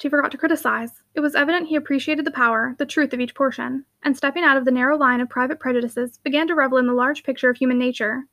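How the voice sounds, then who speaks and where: A woman narrating a classic novel aloud with a clear, even reading. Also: sits high. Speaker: audiobook reader. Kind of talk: scripted narration.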